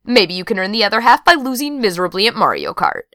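A woman's voice: mid-range voice, big pitch swings, quick pace, bright, forceful tone, dry recording, clean studio sound, pitched above the performer's own voice. A woman reading an audiobook voices a playful young woman who turns mock-dramatic. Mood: teasing. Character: teasing, excitable young woman.

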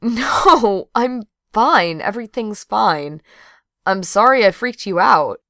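A woman voicing a gentle, hesitant young woman in an audiobook, speaking softly with halting starts. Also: medium pitch, lively intonation, no echo, studio quality, voice pushed up. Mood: sheepish.

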